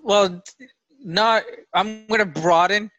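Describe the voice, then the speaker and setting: A man's voice: high-pitched, steady tone, takes it slowly, a bit bright, soft background music. A man who does stand-up comedy, telling an angry story in casual podcast banter.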